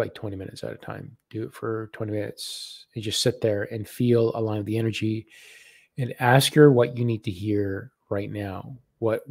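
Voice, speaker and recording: A man giving live spiritual readings on a stream, talking gently and haltingly and repeating words as messages come to him. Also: lowish voice, gravelly, dry recording, studio quality.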